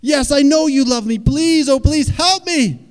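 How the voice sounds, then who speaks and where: A man voicing a terrified man hanging from a cliff, pleading desperately and loudly. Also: very high-pitched, unhurried, big-room sound, voice pushed up. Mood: panicked pleading.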